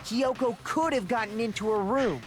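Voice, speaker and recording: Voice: medium pitch, normal speed, loud music behind the voice, natural voice. A voice actor playing an earnest young student in a video game, speaking urgently and with questions. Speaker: game character.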